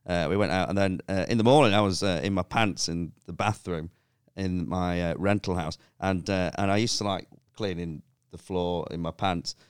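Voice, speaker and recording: A man's voice: sits low, normal speed, clean tone, no echo, studio quality. A man, a comedian guest, telling a story in casual chat, laughing and swearing often.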